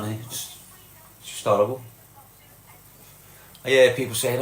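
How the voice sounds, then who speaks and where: A man's voice: medium pitch, fairly even intonation, moderate pace, pauses often, echoey room. A man with a Scouse accent from Liverpool, hosting a live stream and chatting bluntly to viewers, reading out comments and swearing freely. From Liverpool, England. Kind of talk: casual live chat.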